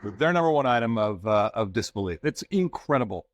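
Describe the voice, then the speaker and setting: A man co-hosting a podcast in casual chat, jokey and quick to react loudly. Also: on the low side, animated, no echo, highs cut off. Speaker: podcast co-host.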